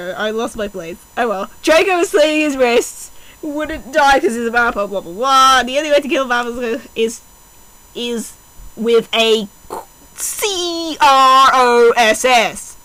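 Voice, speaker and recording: A woman's voice: a little high, expressive, a little slow, a bit bright, poor audio. A woman reading a bad story aloud for comedy, sliding between mock-dramatic reading and snarky, sarcastic asides. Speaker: fanfiction reader. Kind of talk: comedic mocking read-aloud.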